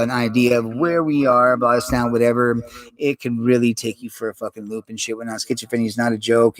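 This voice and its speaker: Speaking straight to the camera in a mid-range voice, a man delivers a rambling personal monologue. He's intense, swears heavily, and restarts often.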